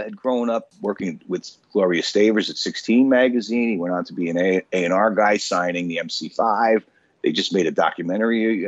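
A man's voice: lowish voice, dry recording, highs cut off. A man in his sixties, a radio show guest, telling an anecdote in a casual way with lots of fillers. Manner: animated storyteller with frequent fillers. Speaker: guest, author.

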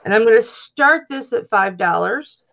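A woman presenting jewelry on a live online auction, describing each piece in a slow, easygoing way. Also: a little high, animated, gravelly, a bit bright, highs cut off. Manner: slow, easygoing show-and-tell. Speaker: jewelry seller presenting items.

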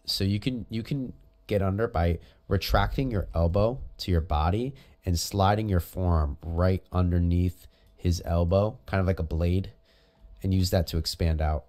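A man's voice: sits low, normal speed. A man commenting on jiu-jitsu rounds as a coach, casual and chatty, giving pointers and praise. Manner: animated, coaching, chatty asides.

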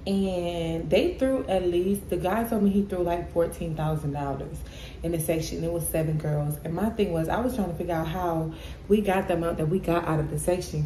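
A woman's voice: lowish voice, slight background noise, rough recording. A woman vlogging in casual chat, blunt and profane, talking straight to her viewers.

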